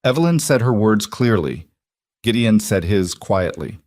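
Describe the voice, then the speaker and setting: A man narrating a scripted western romance story in an even, steady storytelling manner. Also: on the low side, a little slow, dry recording, clean studio sound.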